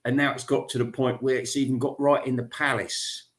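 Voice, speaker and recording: A man's voice: mid-range voice, flat delivery, brisk. A man hosting a radio show, rambling crudely through a comic monologue full of restarts and asides.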